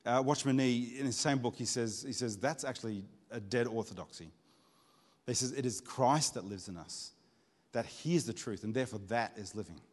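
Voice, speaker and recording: A man's voice: medium pitch, normal speed. A man giving a sermon in an earnest, conversational way, often repeating words as he builds toward a point. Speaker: preacher. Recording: reverberant hall.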